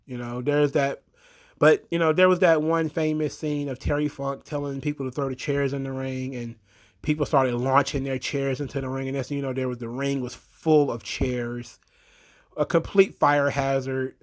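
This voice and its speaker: A man's voice: mid-range voice, fairly even intonation, moderate pace. A man giving a blunt, opinionated, rambling commentary monologue as a show host.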